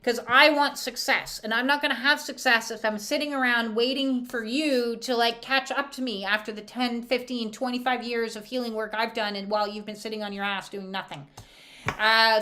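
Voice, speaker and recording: A woman's voice: fairly high pitch, steady tone, moderate pace, pushed and bright. A woman doing an oracle reading, talking in a casual, irreverent spiritual monologue with wry humor and plenty of fillers. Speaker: oracle reader.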